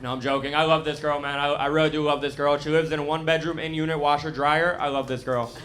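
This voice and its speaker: A young American man with a lisp performing a stand-up set in a deadpan, self-mocking way on a comedy club stage. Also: fairly high pitch, fast, noisy background. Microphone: handheld stage mic. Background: audience laughter.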